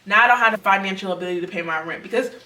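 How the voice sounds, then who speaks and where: Young woman sharing her testimony, bright tone, kinda echoey and far from the mic. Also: mid-range voice, rapid-fire. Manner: earnest, conversational, repeats herself. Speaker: person sharing a faith testimony. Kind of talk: personal testimony storytelling. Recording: roomy sound, mic at a distance.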